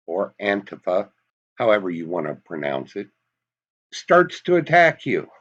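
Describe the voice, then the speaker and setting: A man's voice: medium pitch, fairly bright tone, lo-fi sound. A man with a Massachusetts accent giving an emphatic, folksy opinion monologue, full of rhetorical questions. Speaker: commentary vlogger.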